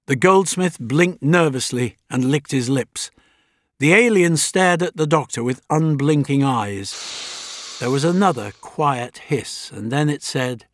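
A man reading a story aloud in a measured, dramatic narrating style. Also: on the high side, animated, no room sound, clean studio sound. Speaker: audiobook narrator. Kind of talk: scripted narration.

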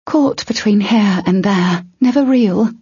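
A woman's voice: medium pitch, unhurried, warm tone, breathy edge, no echo, voice pushed up. A woman reading an audiobook, voicing a proud, solemn female unicorn who speaks formally. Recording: dull lo-fi.

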